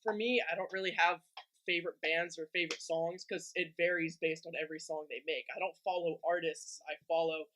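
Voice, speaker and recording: Casting: young male podcast co-host, high bright voice, hesitant filler-heavy delivery. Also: steady tone, a little hiss or hum. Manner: halting, restarts, filler "like". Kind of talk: casual chat.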